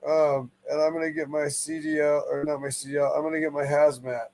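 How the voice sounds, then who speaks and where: A man with a raspy, fry-heavy voice pitched a little high. He chats loosely on a stream, blunt and profane. His talk runs on with plenty of swearing. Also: level tone, brisk, a little mellow, poor audio. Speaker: guest. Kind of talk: casual stream chat.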